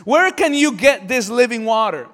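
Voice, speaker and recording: A sharp-tongued Samaritan woman fires back question after question, her voice pitched high and bright, as a male preacher acts her out in his sermon. She sounds wary and incredulous. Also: lively intonation, moderate pace. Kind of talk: preacher acting out scripture in a sermon.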